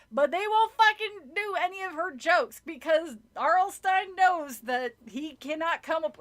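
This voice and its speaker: Bright high-voiced woman reading aloud. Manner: laughs often, crude joking asides. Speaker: streamer reading a book aloud. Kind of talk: casual read-aloud with commentary.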